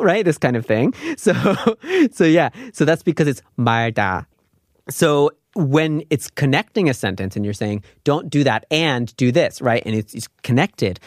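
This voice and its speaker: Man, language teacher, fast talker, casual lesson, laughs a lot, dry close sound. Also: mid-range voice, no echo. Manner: chatty, laughs often, mixes Korean phrases into English.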